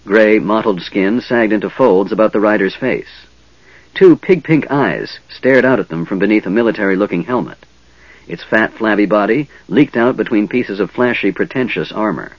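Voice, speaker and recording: A man narrating a fantasy audiobook in an expressive reading, recorded dull and dry. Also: lowish voice, normal speed, slightly rough, no echo. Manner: lively, expressive reading with many voices.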